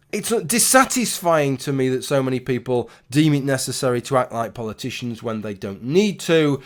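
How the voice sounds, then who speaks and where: A man in his thirties talking casually to camera in a rambling, opinionated way, with restarts and the odd swear word. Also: mid-range voice. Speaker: YouTuber. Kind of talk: casual talking-head commentary.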